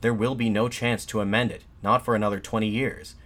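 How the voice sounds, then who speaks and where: A man voicing a defiant nationalist addressing soldiers from a balcony, in an impassioned, shouted pleading manner. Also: lowish voice, flat delivery, brisk. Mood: fervent, shouting.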